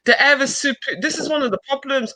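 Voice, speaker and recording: A woman's voice: sits high, fast talker, sharp tone. A woman with a Manchester accent talking on a live-stream panel, blunt, profane and confrontational. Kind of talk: heated live-stream talk.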